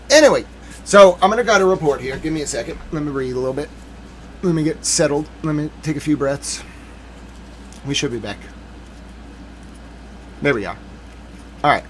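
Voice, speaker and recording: High-voiced man ranting on a live stream. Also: slight background noise. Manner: mock-outraged, theatrical ranting that swings into calm musing. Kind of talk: live-stream commentary rant.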